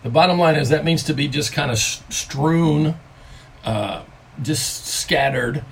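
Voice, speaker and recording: An older man, a grandfather, giving a conversational devotional talk from home, stressing key words by slowing down on them. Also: on the high side, vocal fry, husky. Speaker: pastor.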